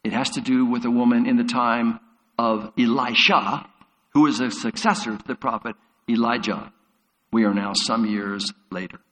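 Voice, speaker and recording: A man's voice: medium pitch, steady tone, moderate pace, fairly bright tone. A man preaching a sermon as a pastor, retelling Bible stories vividly. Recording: long hall reverb.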